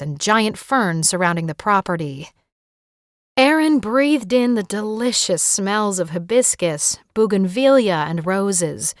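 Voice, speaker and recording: A woman narrating a romantic suspense audiobook in a steady, suspenseful reading. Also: fairly low pitch, dry recording, clean studio sound. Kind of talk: scripted narration.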